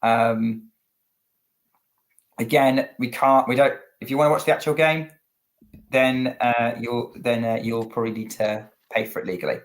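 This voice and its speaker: A man with a British accent co-hosting a live tennis watchalong stream, calling each point quickly and chatting between rallies. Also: mid-range voice, fairly even intonation. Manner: rapid play-by-play calling, chatty asides. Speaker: co-host and play-by-play commentator.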